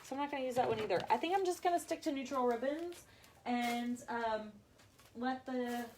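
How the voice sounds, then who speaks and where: A woman's voice: high-pitched, moderate pace, a little mellow, slight background noise. Chatty woman gushing over crafts. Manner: chatty, gushing, addresses viewers as y'all. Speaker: craft shop owner hosting a live video. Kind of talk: casual live craft demo chat.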